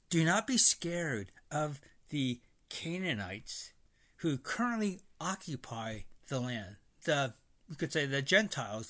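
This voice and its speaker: A man's voice: on the high side, pushed and bright. A man preaching on a Bible passage, emphatic and repeating his points in new words. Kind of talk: Bible teaching.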